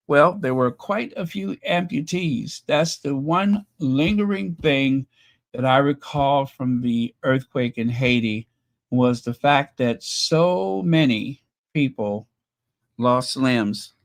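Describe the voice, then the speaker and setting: A man hosting a casual livestream, chatting with viewers in a mocking, rambling way full of pauses and fillers. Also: mid-range voice. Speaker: channel host reading super chats.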